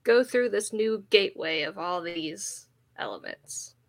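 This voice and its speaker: A woman playing a tabletop game, speaking slowly and deliberately. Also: mid-range voice, expressive. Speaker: player.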